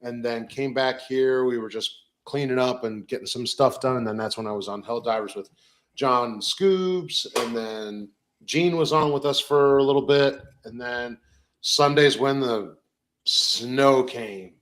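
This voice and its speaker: Man, podcast co-host, casual chat, easygoing, rambling, middle pitch. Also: a little slow, fairly bright tone. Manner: easygoing, rambling recaps with fillers.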